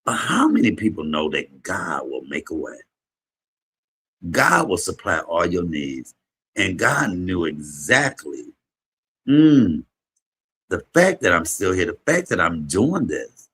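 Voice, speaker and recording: A man hosting a livestream, giving an emotional, preacher-like testimony to his viewers, shifting from low murmurs to high exclamations. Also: a bit bright, husky. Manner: preacherly, call-and-response to viewers. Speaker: livestream host, comedian.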